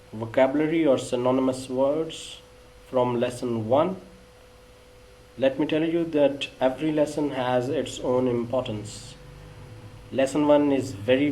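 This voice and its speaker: A man with a Pakistani English accent giving a deliberate vocabulary lecture, listing words one at a time. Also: mid-range voice, a little mellow, rough recording. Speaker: English teacher.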